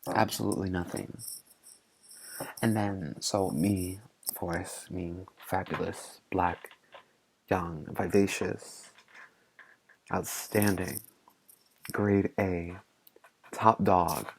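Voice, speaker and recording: Young woman vlogging on her phone, super low gravelly voice, sassy and swears a lot, big dramatic storytelling. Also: takes it slowly, pauses often, a little hiss or hum, low-quality recording. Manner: sassy, profane, theatrical. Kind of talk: casual storytelling to camera.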